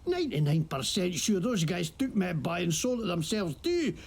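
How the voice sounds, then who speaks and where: A woman's voice: on the low side, very animated, normal speed, darkish tone, full character voice. A woman voicing a noseless, earless wasteland shop owner who fakes a Scottish accent in a video game, speaking in a swaggering, profane, grumbling way. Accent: put-on Scottish. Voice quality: gravelly, raspy.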